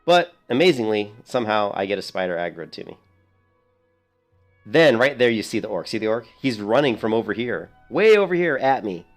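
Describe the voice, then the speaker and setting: A man in his thirties, a streamer telling a rambling, animated story in casual gameplay commentary. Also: fairly low pitch, brisk, faint music behind.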